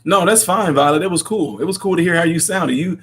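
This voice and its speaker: A man's voice: a little high, quick pace, fairly bright tone, breathy edge. A man hosting a casual livestream, chatting and answering viewer comments in a rambling way, laughing often. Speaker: livestream host. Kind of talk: casual live chat reading comments.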